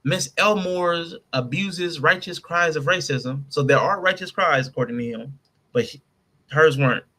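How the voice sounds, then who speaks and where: Bright-voiced man breaking down quotes. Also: fairly high pitch, normal speed. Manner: reads out quotes and picks them apart, laughing with his co-host. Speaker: podcast host. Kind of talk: casual commentary.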